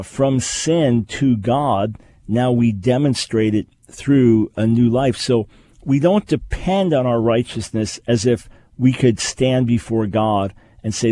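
A man's voice: medium pitch, warm tone. A middle-aged man hosting a call-in radio show, explaining his points in an earnest way. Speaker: radio talk show host. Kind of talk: call-in radio talk and teaching.

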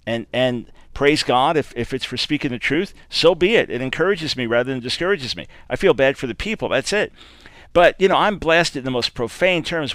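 A man's voice: medium pitch, lively intonation, a little fast, a bit bright. A man hosting a radio talk show, speaking emphatically like a preacher, repeating key phrases and often restarting his words. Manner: frequent stammered restarts. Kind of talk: talk radio commentary and answering listener email.

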